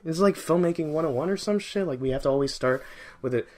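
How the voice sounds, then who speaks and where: This man's casual first-take movie review is rambling, excitable and full of profanity, with frequent restarted sentences. His pitch is fairly high and his pace quick.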